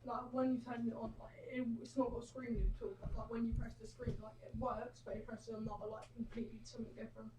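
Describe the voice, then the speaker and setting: Young male customer, quick high monotone, casual filler-heavy talk. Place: shop counter. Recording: echoey room, from far off, noisy.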